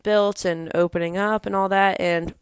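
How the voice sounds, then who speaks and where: A woman's voice: medium pitch, steady tone, moderate pace, clear, resonant tone, dry recording, studio quality. An eighteen-year-old woman, a spin instructor, telling a casual story with lots of "like" and restarts.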